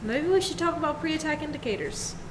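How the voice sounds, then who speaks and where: A young adult woman co-hosts a podcast news segment, retelling a news story casually with frequent laughter. Her voice is high-pitched, brisk, and lively in intonation, with a noisy background.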